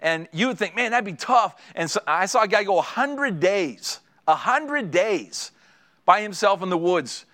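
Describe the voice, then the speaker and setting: A middle-aged male pastor delivering a sermon, lively and joking as he acts out little scenes from married life. His voice sits a touch higher than most men's. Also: measured pace. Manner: animated storytelling, acting out conversations; joking, draws audience laughter.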